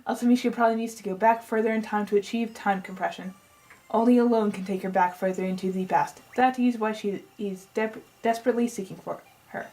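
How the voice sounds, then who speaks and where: A woman with a warm, mid-range voice reads at a fairly quick, steady clip, lightly acted, on low-quality audio. She's voicing game dialogue for a pompous, eccentric male scientist who lectures through a long plan, and she half-attempts an accent only to keep dropping it.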